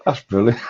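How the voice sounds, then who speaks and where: A man's voice: medium pitch, gravelly, fairly bright tone, slightly rough. A middle-aged man hosting a casual live chat, joking, laughing often and breaking into bits of folk songs. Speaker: host. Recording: dull lo-fi sound.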